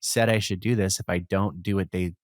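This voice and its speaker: A man with a very low voice talks through his ideas as a podcast guest, circling back and restarting often. The sound is close and dry, with no room around it. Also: steady tone, brisk, no room sound. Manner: reflective, rambling with restarts and laughs. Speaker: podcast guest, musician and entrepreneur. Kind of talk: casual conversation.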